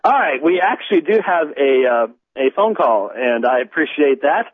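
A man's voice: a little high, sing-song, moderate pace, slightly rough, no room sound. An American man hosting a call-in talk show, chatting casually and rambling with many fillers and restarts. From United States. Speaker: radio show host. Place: indoors in a home in north London. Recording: dry tinny phone-like line.

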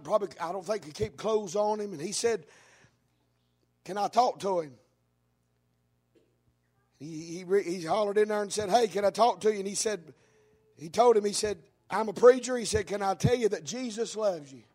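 A man preaching a fiery sermon in church, telling a story with a preaching cadence that rises into shouts. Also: high voice. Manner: preaching cadence, rising into shouts, drawn-out words.

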